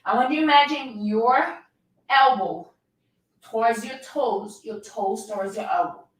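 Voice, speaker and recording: A woman's voice: a little high, unhurried. A woman fitness coach leading a live workout class, talking energetically and coaxing her viewers while she demonstrates a plank. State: shaking from holding a plank. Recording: very echoey room, voice distant from mic.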